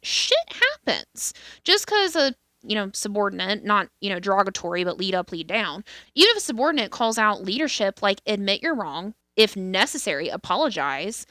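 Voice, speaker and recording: A woman's voice: mid-range voice, big pitch swings, brisk, few pauses, pushed and bright, no echo, studio quality. A woman co-hosting a podcast in casual, candid chat, swearing freely and restarting her sentences often. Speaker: podcast co-host.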